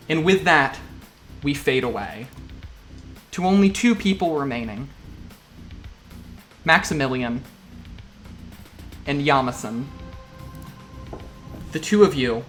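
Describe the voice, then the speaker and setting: Brief: lively man game master with a slightly higher voice, echoey room, faint music. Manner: lively, descriptive narration. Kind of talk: narrating a tabletop game. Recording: roomy echo.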